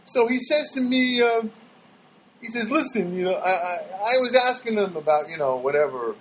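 A man's voice: high-pitched, moderate pace, a little hiss or hum, poor audio. A middle-aged man with a New York accent, a comedian rambling through a casual monologue. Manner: rambling, animated storytelling.

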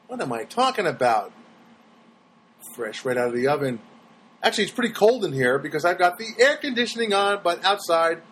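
A man's voice: a little high, fairly bright tone, a little hiss or hum, poor audio. A man hosting his own show from a studio apartment, rambling and joking in a loose monologue with many restarts. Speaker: podcast host. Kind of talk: casual solo monologue.

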